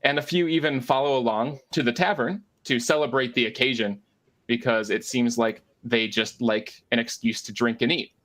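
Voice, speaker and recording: A man runs a tabletop role-playing game, describing the scene at a middling pitch. He hesitates often, restarting sentences and filling pauses as he narrates. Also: steady tone, a bit bright. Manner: hesitant, many fillers and restarts. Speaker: game master.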